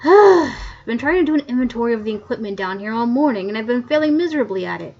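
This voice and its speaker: A woman reading the lines of a grumpy old male coroner, loud and gruff, on a muffled lo-fi mic. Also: fairly high pitch, animated, quick pace.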